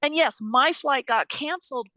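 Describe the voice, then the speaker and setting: A woman telling a story in an animated way, swearing casually and acting out the voices of people she quotes. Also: high-pitched, normal speed, no echo. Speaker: guest.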